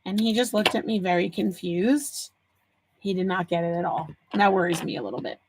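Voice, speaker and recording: A fairly low-pitched, darkish female voice moves a little fast over a faint hiss or hum. She's a forties-aged livestream host, chatting and telling stories as she crafts and replies to viewer comments.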